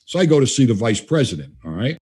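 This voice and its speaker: Older male interview guest, mellow and husky, a loose storyteller who plays out the dialogue he quotes. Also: mid-range voice, big pitch swings, fast. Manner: conversational, acts out quoted dialogue. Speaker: guest trainer.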